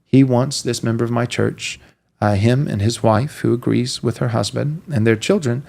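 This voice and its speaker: Pastor guy in a clip, blunt and defiant, mid-pitched, punches each phrase. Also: steady tone, normal speed, creaky, darkish tone. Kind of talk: played clip of a sermon-style talk.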